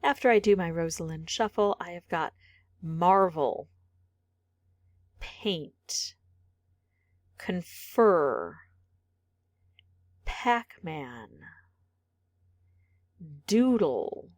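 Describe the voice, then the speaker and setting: A woman's voice: fairly low pitch, expressive, drawn-out words, pauses often, dry recording, clean studio sound. A woman vlogger thinking aloud as she solves a word puzzle, muttering candidate words, some half-whispered, and second-guessing herself.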